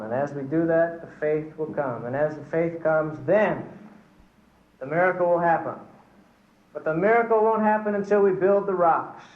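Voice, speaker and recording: A man giving an earnest sermon full of stories, testifying and addressing his listeners as brothers and sisters. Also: fairly high pitch. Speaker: church speaker. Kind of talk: sermon with storytelling. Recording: echoey hall, dull lo-fi recording.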